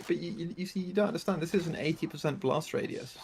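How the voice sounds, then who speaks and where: Man, casual gaming chat, rambling, higher voice, noisy line. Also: quick pace, vocal fry. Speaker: co-player.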